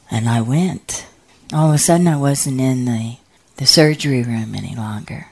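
A woman's voice: very deep voice, measured pace, darkish tone, husky. A woman in her fifties telling a personal story. She acts out voices and drops to whispers. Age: 50s.

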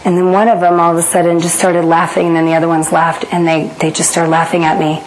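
A woman's voice: lowish voice, little pitch movement, fast, a little hiss or hum, low-quality recording. A middle-aged woman from the United States, giving a personal testimony in an earnest, dramatic storytelling manner. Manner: earnest, dramatic retelling that acts out inner voices.

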